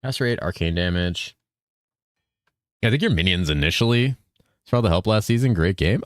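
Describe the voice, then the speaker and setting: A man's voice: low-pitched, very animated, brisk, pauses often, no room sound. A man streaming a video game, chatting casually, explaining items and thanking viewers, with loose joking talk and some swearing. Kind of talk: casual gameplay chat.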